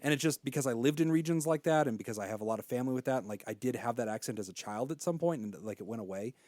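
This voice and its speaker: A man's voice: medium pitch, expressive, rapid-fire, darkish tone, no room sound, studio quality. An American man hosting a podcast, chatting enthusiastically and teasing his guests. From United States. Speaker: podcast host. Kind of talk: casual chat.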